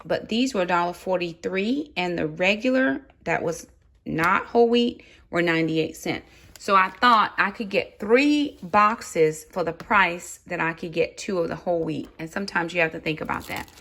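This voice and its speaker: A woman's voice: mid-range voice, fairly bright tone. Chatty mom talking to her camera. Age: adult, mother of four. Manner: chatty, talks straight to viewers, says y'all. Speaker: family vlogger. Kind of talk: casual grocery haul vlog. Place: home kitchen.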